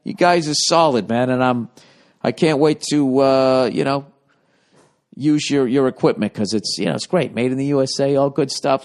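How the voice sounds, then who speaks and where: A man's voice: medium pitch, normal speed. A man hosting his podcast, rambling through a profane, self-mocking monologue in casual chat. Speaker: podcast host.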